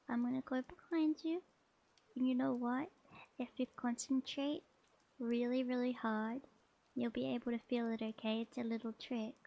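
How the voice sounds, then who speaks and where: Sleepy high-voiced woman, whispered role-play. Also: steady tone, vocal fry, highs cut off. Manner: soft, slow and soothing, repeating gentle reassurances. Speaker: VTuber streamer.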